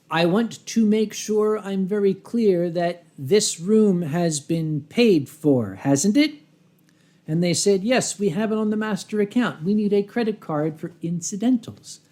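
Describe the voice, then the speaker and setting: A man's voice: high voice, mellow. Wry man telling a convention story. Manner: wry, dramatic pauses, acts out his own rehearsed lines; clears throat often. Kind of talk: live humorous storytelling.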